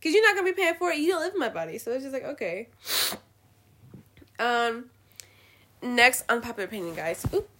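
A woman's voice: fairly high pitch, fairly quick, long pauses. A young woman giving blunt, profane opinions in a casual rant to the camera. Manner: blunt, swearing, animated ranting. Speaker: vlogger.

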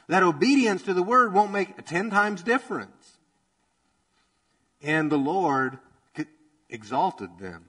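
A man preaching a sermon in a church, energetic and conversational, joking and acting out quotes as he goes. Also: on the high side, low-quality recording. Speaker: pastor.

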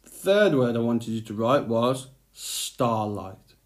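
A man's voice: medium pitch, expressive, takes it slowly. A man teaching a phonics lesson to young children, speaking patiently and sounding out letters one by one.

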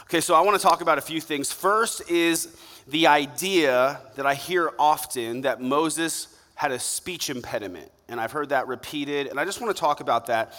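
A man's voice: on the high side, normal speed, fairly bright tone. A male pastor giving a conversational, joking sermon during a church service, drawing the congregation into a show of hands. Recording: live hall reverb.

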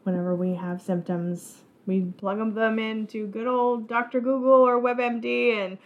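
A woman's voice: on the high side, fairly even intonation, moderate pace, muffled recording. Dry, teasing woman co-host. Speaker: podcast co-host. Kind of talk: casual chat.

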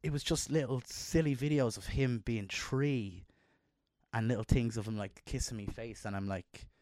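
A man's voice: normal speed, darkish tone, no room sound, clean studio sound. A middle-aged man co-hosting a podcast, talking in a heartfelt, emotional way about his kids. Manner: emotional, heartfelt, jumps up in pitch when quoting himself. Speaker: podcast co-host. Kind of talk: casual chat.

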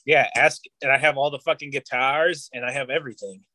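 A man's voice: medium pitch, fairly even intonation, a little fast, sharp tone, no echo. A man co-hosting a casual podcast, bantering with crude jokes. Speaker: podcast co-host. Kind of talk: casual chat.

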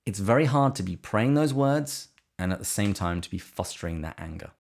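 A man's voice: on the low side, animated, a little fast, creaky, few pauses, a little mellow. A man co-hosting a podcast, talking earnestly and reflectively about faith, with a dry sense of humor. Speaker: podcast co-host. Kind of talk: conversational discussion of faith.

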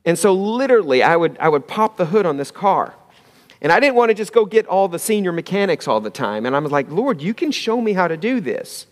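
A male pastor preaches in a church, telling a story and dropping from loud emphasis to near-whispered asides. His voice sits a little high for a man. Long reverb from the hall trails after each phrase. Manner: storytelling, swings between loud and hushed. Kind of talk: sermon. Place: church sanctuary.

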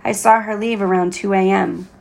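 A woman's voice: medium pitch, fairly even intonation, normal speed, vocal fry, a little mellow, lightly acted. A woman voicing a young but weary male Turkish hotel owner, kindly and teasing, in a read storybook.

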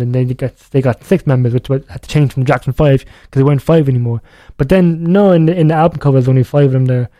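Mellow-voiced radio DJ, rambling. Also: male voice, mid-range voice, no echo. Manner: rambling, self-correcting, chatty. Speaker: radio DJ host. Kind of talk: casual music show chat.

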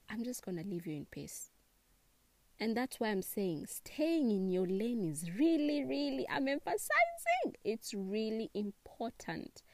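A young woman with a Kenyan accent chatting casually, expressive and quick to laugh, giving relationship advice. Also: medium pitch, no room sound. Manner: chatty and expressive, laughs often, mixes in Swahili words. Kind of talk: casual chat to camera.

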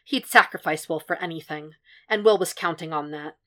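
Woman with a low voice narrating a podfic. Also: normal speed, fairly bright tone. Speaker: podfic reader. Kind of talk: audiobook narration of fan fiction.

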